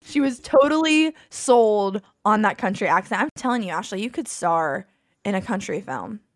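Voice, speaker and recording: A woman's voice: mid-range voice, lively intonation, moderate pace, dry recording, studio quality. A woman co-hosting a podcast in a bubbly casual chat, often breaking into laughter. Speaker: podcast co-host.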